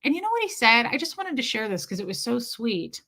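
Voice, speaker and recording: A woman's voice: on the high side, brisk. A woman hosting a casual livestream, telling a story while thanking her viewers between sentences. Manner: chatty, thanks viewers mid-story, animated retelling. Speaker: livestream host.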